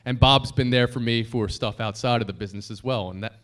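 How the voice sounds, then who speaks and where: A man's voice: mid-range voice, fairly quick, a bit bright. Joking, heartfelt man giving a speech. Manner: joking, self-deprecating storyteller; heartfelt, grateful tribute. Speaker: broadcaster giving a dinner speech. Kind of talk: anniversary dinner speech. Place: banquet hall dinner.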